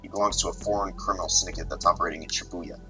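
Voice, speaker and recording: A businesslike police director briefing his units, crisp and to the point, as a man reads him. The voice is low and forcefully bright. It comes from a visual novel read aloud. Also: fairly even intonation, very fast, soft background music, low-quality recording.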